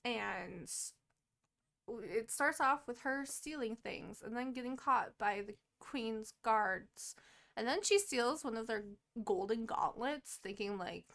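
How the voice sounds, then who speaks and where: A young woman co-hosting a podcast, casually retelling a book's plot in a lively, profane way and acting out the characters' lines. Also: a little high, slow, creaky. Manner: animated and profane, acts out quoted characters. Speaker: podcast co-host.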